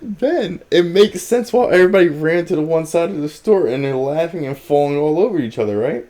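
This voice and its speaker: A man hosting a podcast, telling a story in an animated, profane way with lots of fillers. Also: a little high, a little fast. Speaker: podcast host. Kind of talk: casual storytelling.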